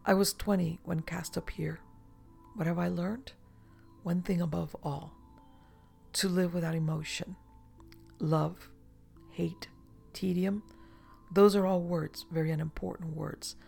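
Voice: mid-range voice, steady tone, a little slow, creaky, pauses often, a little mellow. A storyteller voicing a woman over a century old who speaks in a detached, languid, world-weary way, with faint music behind. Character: weary ageless woman, emotionless.

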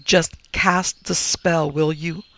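A man voicing a brisk, tricky young woman who talks in an impatient, airy way. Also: on the high side, steady tone, a bit bright, no echo, highs cut off.

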